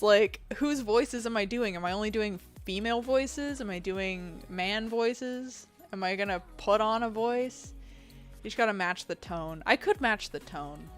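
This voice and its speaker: With a fairly deep voice, a woman who streams games and edits video chats casually with her viewers. She reads their messages aloud and laughs often.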